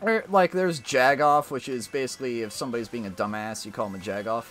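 An American man streaming a racing game, chatting in a rambling, animated way with frequent restarts. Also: mid-range voice, quick pace, soft background music. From United States. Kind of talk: casual gaming chat.

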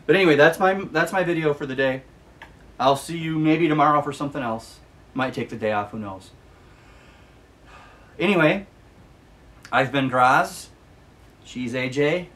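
A man's voice: fairly high pitch, normal speed, pauses often, a bit bright, distant mic. A man hosting a casual book review vlog, ranting with exasperation and repeating himself for emphasis. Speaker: book vlogger.

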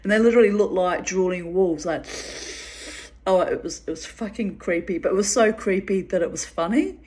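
A woman's voice: medium pitch, normal speed, darkish tone. A woman telling a personal story in a casual way, laughing often and swearing freely.

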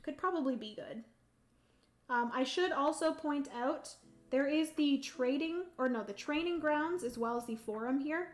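Young woman, board game streamer, casual and giggly, lots of ums, slightly high voice, faint background music. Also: normal speed. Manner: chatty and giggly, reads chat aloud, explains rules with many ums. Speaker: livestream host playing a solo board game. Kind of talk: casual livestream chat and rules explanation.

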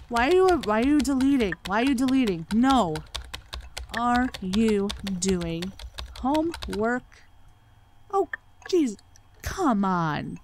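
Woman host for game commentary, sarcastic and swears freely, mid-pitched voice, faint hiss underneath. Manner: sarcastic, swears freely, mocks the game's dialogue. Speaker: let's play channel host. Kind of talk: gaming commentary.

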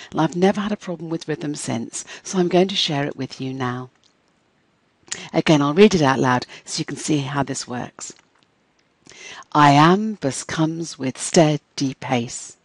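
An adult literature lecturer talks through a scripted lesson with a slightly breathy, husky voice. The delivery is measured and clear, stretching out syllables to make each stress pattern easy to hear. The sound is close and dry. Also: mid-range voice, darkish tone, dry recording, poor audio. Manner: clear, measured teaching tone, slowing to stress each beat when demonstrating rhythm.

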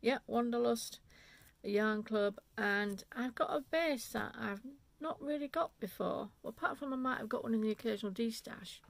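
Woman, knitting vlogger, bubbly and rambling, slightly high, gravelly, dry close sound. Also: moderate pace, no room sound. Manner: enthusiastic, rambling, self-interrupting. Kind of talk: unscripted chatty yarn haul.

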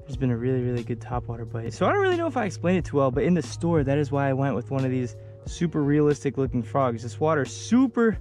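A man's voice: medium pitch, fast, soft background music. A young man casually vlogging a fishing trip outdoors on a lake, talking to the camera and exclaiming whenever a fish bites. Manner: excitable, exclaims often.

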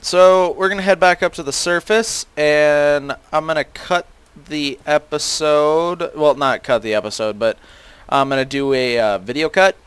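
A man's voice: a little high, measured pace, fairly bright tone, clean tone, no echo. A teenage boy casually commentating a video game, rambling with many fillers and self-deprecating asides. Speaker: gaming channel host.

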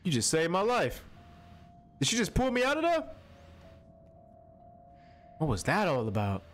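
With faint music behind him, a high-voiced young streamer takes his time, speaking unhurriedly as he plays a horror game. He still sounds animated and jumpy, talking slangily to the character on screen.

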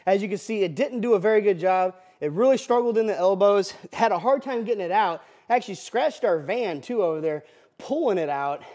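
Excitable high-voiced American man. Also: a little fast. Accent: Midwestern American. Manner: excitable, loud and jokey. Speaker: air duct cleaning expert. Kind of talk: hands-on product demo.

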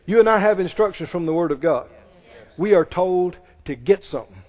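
A man's voice: sits high, animated, a little fast, a little mellow. A man preaching a sermon emphatically and leading his congregation in call-and-response. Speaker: pastor. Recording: long reverb of a large hall.

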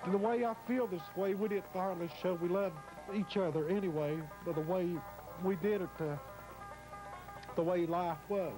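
A man's voice: high-pitched, steady tone, moderate pace, music in the background, poor audio. A man with an Appalachian accent telling his own story in a rambling way, acting out what others said. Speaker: interviewee. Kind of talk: emotional first-person storytelling.

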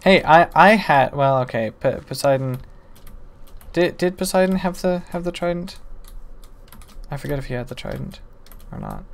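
A man's voice: a little high, huge pitch swings, moderate pace, vocal fry, pauses often, a little hiss or hum. Exasperated man narrating his gameplay. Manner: talks to himself and the game, mock-exasperated exclamations. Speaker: gaming YouTuber. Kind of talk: live gameplay commentary.

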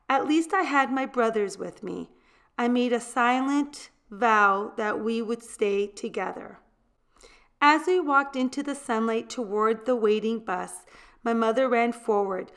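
Woman storybook reader, unhurried and gentle, fairly high voice. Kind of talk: reading a picture book aloud.

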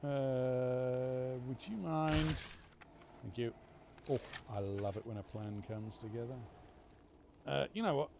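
Gravelly man, sarcastic gamer. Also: medium pitch, fairly even intonation, slow pace, pauses often, noisy background. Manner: chatty, sarcastic, talks to game characters, mock-panicked outbursts. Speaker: gaming streamer. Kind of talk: casual let's-play commentary.

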